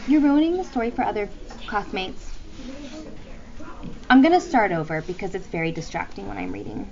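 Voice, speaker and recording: A woman teacher reading a novel aloud to her class in a classroom, talking briskly and often hushing the students. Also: mid-range voice, gravelly. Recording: dull lo-fi classroom recording.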